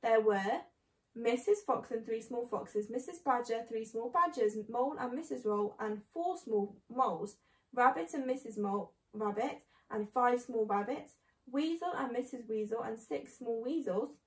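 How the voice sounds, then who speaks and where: A woman reading a children's book aloud, clear and measured. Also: a little high, animated. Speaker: storyteller. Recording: echoey room.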